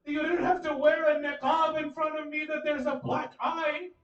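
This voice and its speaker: A man delivering an emotional sermon, swinging from hushed storytelling to loud cries and chanting Arabic supplications. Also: extremely high pitch, flat delivery, normal speed. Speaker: preacher. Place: community center hall. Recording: echoey hall, distant dull mic.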